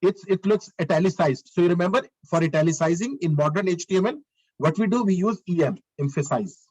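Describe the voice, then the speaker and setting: A male instructor leads a live online lesson, walking through markup step by step. His voice sits a little high. He restarts his phrases often and checks in with the class as he goes. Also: quick pace, a little mellow, husky, highs cut off. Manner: talks through steps while working, repeats phrases, asks the class questions. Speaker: lecturer. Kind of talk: live online coding lecture.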